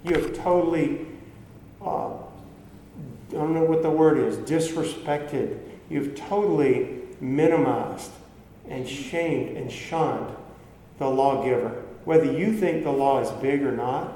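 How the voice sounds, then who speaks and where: A man with a mellow, warm, mid-pitched voice preaches an earnest, conversational sermon and takes it slowly. His voice echoes with long reverb through a big room, with faint ambience and slight background noise.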